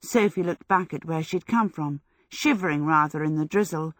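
A deep-voiced woman narrates an audiobook from a script, her storytelling measured and even. The recording is dry, with clean studio sound.

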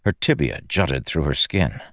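A man narrating an audiobook in a measured, grave storytelling manner. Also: extremely low pitch, animated, a bit bright, no room sound, clean studio sound.

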